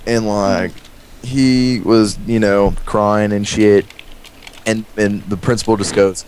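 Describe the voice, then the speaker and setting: Young dude rambling thru a storytime, kinda low voice, faint hum behind. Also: male voice, fairly even intonation, normal speed, a little mellow. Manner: rambling, swears freely. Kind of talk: casual storytime chat.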